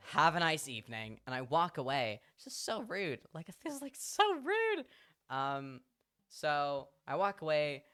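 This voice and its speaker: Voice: medium pitch, fairly bright tone, clean tone. A streamer telling a story in casual chat on a live stream, chatty and swearing freely.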